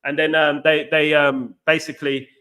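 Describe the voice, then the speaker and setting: A man's voice: a little high, level tone, moderate pace, bright, forceful tone, clear, resonant tone. A middle-aged British man hosting a football channel, chatting casually and rambling to his viewers. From Britain. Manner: rambling, repetitive, addresses viewers as guys. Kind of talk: casual live-stream chat.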